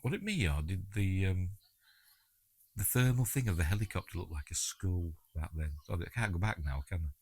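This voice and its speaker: A man's voice: low-pitched, animated, normal speed, darkish tone, slightly rough. A man with a Yorkshire accent giving a chatty, jokey audio commentary on a film and talking back to the characters on screen. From England.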